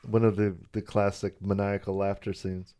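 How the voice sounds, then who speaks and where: A man co-hosting a podcast, recapping cartoon episodes in casual chat with wry, deadpan jokes. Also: on the low side, moderate pace, heavy background noise. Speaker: podcast co-host.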